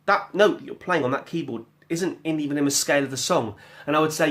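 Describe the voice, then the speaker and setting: A man with a slightly higher voice, talking casually at home about how he makes his music. He rambles in a loose, chatty way, drifts off topic for jokey asides and breaks into scat-singing. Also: fast talker, hardly any pauses, a bit bright. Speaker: musician vlogger. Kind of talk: casual spoken vlog. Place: home kitchen.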